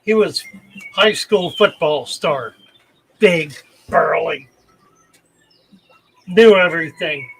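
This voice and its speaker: An older man hosting his channel, retelling personal anecdotes in a deliberate, emphatic way with heartfelt pauses. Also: a little high, a bit bright, husky, low-quality recording. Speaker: channel host. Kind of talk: storytelling anecdote.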